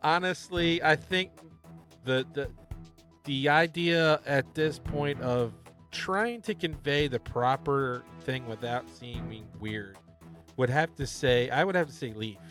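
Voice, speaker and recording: Man, bright tone, casual chat, halting restarts, faint background music. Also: medium pitch. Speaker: co-host and voice actor.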